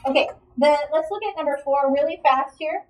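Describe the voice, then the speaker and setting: High-voiced woman teaching a math class. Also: a little fast, darkish tone, distant mic, poor audio. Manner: encouraging, checks in with questions. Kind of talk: classroom lecture.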